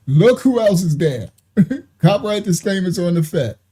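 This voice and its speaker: Sitting at her computer and sharing her screen, this woman runs a live reaction stream full of chatty mockery, frequent laughter and lots of slang. She speaks slowly in a lowish, dark, slightly rough voice whose pitch swings widely.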